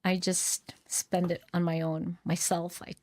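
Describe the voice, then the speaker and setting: A woman's voice: on the low side, little pitch movement, measured pace, darkish tone. A middle-aged woman being interviewed as a guest, talking in an earnest, reflective way with frequent fillers and restarts. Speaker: podcast guest, author. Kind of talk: candid conversational interview.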